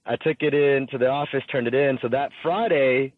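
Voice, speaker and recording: A man's voice: medium pitch, brisk, dry recording. A man guest telling his story casually, acting out quoted talk with lots of fillers. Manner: animated storyteller, acts out quotes, frequent fillers. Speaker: podcast guest, fighter and businessman. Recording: tinny phone-like line.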